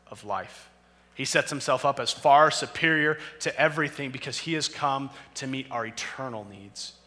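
Guy preaching a sermon, bright sharp voice, big reverby hall, reads scripture then gets fired up. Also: mid-range voice.

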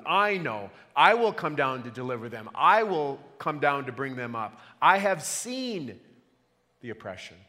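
With a fairly high, sharp-toned voice, a male pastor delivers an earnest, emphatic sermon to his church. He often poses questions to the congregation, and the recording has long hall reverb.

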